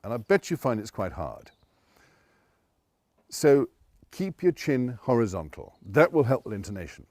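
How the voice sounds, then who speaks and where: A man's voice: mid-range voice, a little slow, long pauses, dry recording. A man, a presentation coach giving conversational advice straight to camera. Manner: conversational, animated, with quoted asides.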